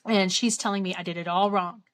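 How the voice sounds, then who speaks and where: A woman's voice: medium pitch, steady tone, fairly quick. Woman earnestly retelling a personal story. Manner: earnest, retells conversations by quoting both sides. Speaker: vlogger.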